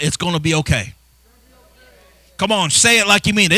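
A male pastor preaching a sermon, building from soft, low passages into impassioned shouts. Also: moderate pace, pauses often, no echo.

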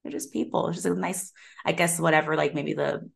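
A woman with a low-pitched voice co-hosts a casual podcast chat. She retells film scenes in an animated way, slipping into quoted voices and laughing often. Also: fairly quick, vocal fry. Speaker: podcast co-host.

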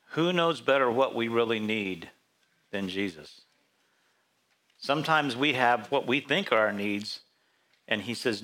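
Bright clear-voiced pastor guy chatting through bible verses, asks the room questions. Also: mid-range voice, lively intonation, measured pace, long pauses. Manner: conversational, asks the congregation questions. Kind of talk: interactive Bible study sermon.

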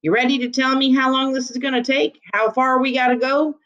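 A woman's voice: high-pitched, steady tone, a little fast, fairly bright tone, muffled recording, pitched above the performer's own voice. Woman doing a folksy small-town constable. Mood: grumbling. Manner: folksy drawl, garrulous.

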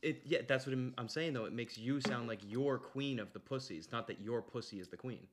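A man's voice: mid-range voice, a little fast, background noise. A man with a Canadian accent co-hosting a podcast, joking, teasing and swearing in casual chat. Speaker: podcast co-host.

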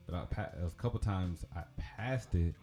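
A man's voice: low-pitched, moderate pace, dark tone, soft background music. A man, telling a personal story in a casual, rambling way with many fillers and laughs. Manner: rambling, chatty, laughs often, lots of fillers. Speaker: podcast host.

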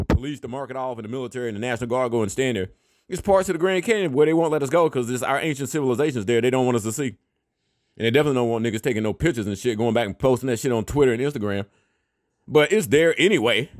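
A man with a mid-range voice rambles through a casual, profane monologue, peppering it with "you know what I'm saying" and bursting into laughter. He's animated and often laughs between points, and there's no room sound.

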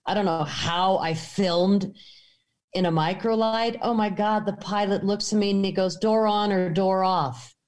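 A woman's voice: medium pitch, fairly even intonation, moderate pace, darkish tone. A woman, a filmmaker, telling a story in a casual interview, animatedly acting out voices in her anecdotes. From United States. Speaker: filmmaker guest.

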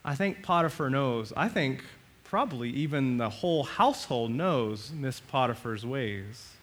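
A male pastor preaching a sermon, animated, swinging between loud and soft and acting out the quotes. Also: mid-range voice, unhurried.

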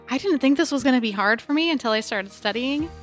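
A woman's voice: high voice, expressive, normal speed, faint music behind. A woman hosting a faith podcast, talking candidly and laughing with friends while reading definitions aloud. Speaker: podcast host. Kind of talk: casual chat.

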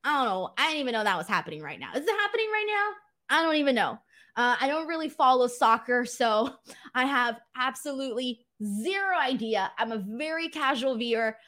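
A woman's voice: high voice, lively intonation, brisk, bright, forceful tone. A woman hosting a live stream from home, chatting casually and animatedly while reading viewer messages, laughing often. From Los Angeles-based, lives in L.A. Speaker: wrestling show host. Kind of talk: live stream chat reading super chats.

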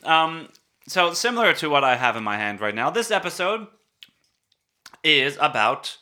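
A man's voice: a little high, sing-song, normal speed, pushed and bright. A man in his late twenties co-hosting a podcast, playful and teasing in casual chat. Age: late 20s. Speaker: podcast co-host.

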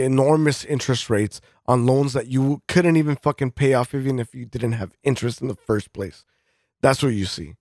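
A man's voice: mid-range voice, dry recording. Heated swearing man, dry close mic. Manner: heated, swears constantly, restarts sentences. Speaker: podcast co-host. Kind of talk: casual profane rant.

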